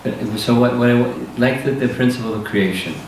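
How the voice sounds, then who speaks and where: A man giving a slow, deliberate scripture lecture as a spiritual teacher, pausing often to let points sink in. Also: medium pitch, darkish tone. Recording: very echoey hall, voice from far off, faint hiss.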